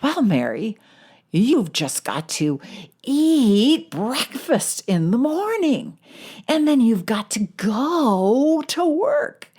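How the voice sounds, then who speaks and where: A woman voicing a dim, smooth-talking male TV anchorman who gets animated and overexcited. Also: a little high, slow pace, voice pushed up, exaggerated voice. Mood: excited. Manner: animated, overexcited, sing-song delivery.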